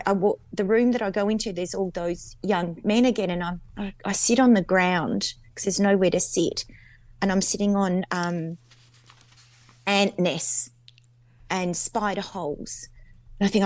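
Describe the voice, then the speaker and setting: A woman's voice: medium pitch, a little mellow, no room sound. A woman in her fifties with an Australian accent, a guest chatting as she recounts a dream, with lots of fillers and repeats. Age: 50s.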